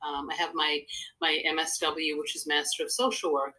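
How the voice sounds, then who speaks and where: An older woman talks through stories earnestly in a casual interview, her voice bright and forceful. Her pitch sits a little low for a woman. She wanders through her points as a guest and therapist would. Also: level tone, moderate pace, poor audio. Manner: earnest, rambling storyteller. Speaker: guest, psychotherapist and speaker.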